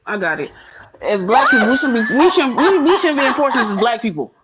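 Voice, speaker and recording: A woman's voice: on the high side, sing-song, quick pace, heavy background noise. A woman with a New Orleans accent, teasing and joking with profanity on a podcast panel. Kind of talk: casual group chat.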